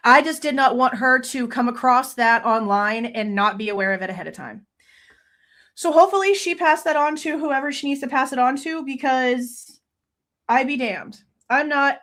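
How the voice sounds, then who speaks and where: A woman's voice: high voice, moderate pace, a bit bright. A woman ranting heatedly and cursing as a true crime commentator. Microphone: desk mic, faceless channel.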